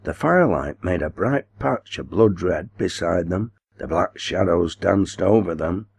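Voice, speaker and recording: Brief: deep male narrator reading literary fiction, steady and expressive. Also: measured pace, creaky, breathy edge. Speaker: audiobook narrator. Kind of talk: audiobook reading of a classic novel.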